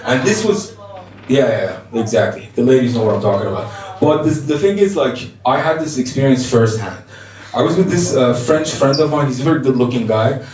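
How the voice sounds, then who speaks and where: A man from Iran tells stand-up stories on a bar stage, his voice lively and swinging up and down as he acts out the people in them. It is picked up a little distant from the mic, with a roomy echo around it. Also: mid-range voice, brisk. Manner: animated storytelling, acting out dialogue. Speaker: stand-up comedian. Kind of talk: stand-up comedy set. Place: bar comedy stage, indoors.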